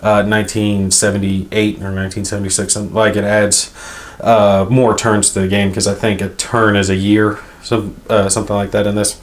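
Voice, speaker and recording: A man's voice: lowish voice, little pitch movement, moderate pace. A man hosting a board game channel, talking casually and thinking aloud as he unboxes a game. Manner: rambling, thinking aloud as he handles items.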